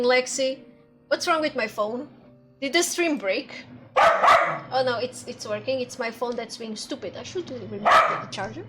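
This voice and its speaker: A woman's voice: on the high side, a little slow. A woman streaming a game, chatting playfully with her viewers and swearing often. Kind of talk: casual game-stream chat. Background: faint background music.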